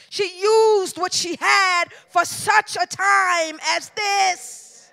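A woman pastor preaching a sermon in a church, emphatic and colloquial, dropping to a hush and then rising to shouts. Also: extremely high pitch, fairly even intonation, takes it slowly, creaky. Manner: emphatic preaching with call-and-response cadence, swinging from hushed to shouted; colloquial, folksy storytelling. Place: church sanctuary.

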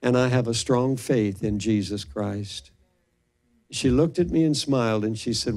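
An older pastor tells stories in an earnest, emotional sermon, speaking at a moderate pace in a mid-range, slightly mellow voice. He often restarts his sentences.

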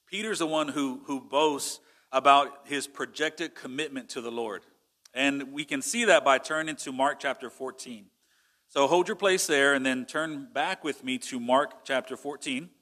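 Bright-voiced Texan preacher man. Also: mid-range voice, moderate pace. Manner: conversational preaching with rhetorical questions. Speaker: pastor. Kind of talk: sermon.

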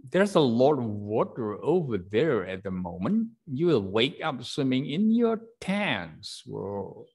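A man's voice: mid-range voice, sing-song, slow, hardly any pauses, a little mellow, husky. A man teaching an English class online, with an Indonesian accent, full of fillers and hesitations, reading dialogue lines aloud in a lifted voice.

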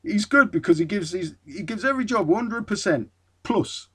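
A man putting on a clumsy northern accent to read a blunt footballer's praise of a teammate, forceful and clipped. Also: high-pitched, lively intonation, normal speed, husky, pitched above the performer's own voice, heavily acted. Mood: insistent. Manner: attempted Geordie accent, clipped dialect grammar, forceful.

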